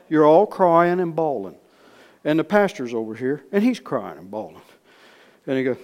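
A man preaching in a storytelling way, folksy and repetitive, swinging from loud re-enactment to hushed asides. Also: fairly high pitch, sing-song, normal speed. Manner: repeats words, folksy speech. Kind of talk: storytelling sermon.

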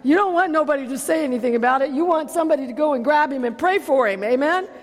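A woman pastor preaching a sermon, calling out for amens and swinging between loud and hushed delivery. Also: high-pitched, expressive, quick pace, long reverb tail.

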